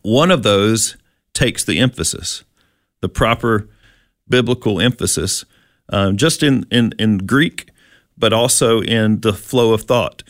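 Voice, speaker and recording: A man's voice: lowish voice, slow pace, no room sound. Male co-host, conversational Bible teacher, dry close sound, loose and explanatory delivery. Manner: explanatory, with many fillers and restarts. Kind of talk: casual Bible teaching chat.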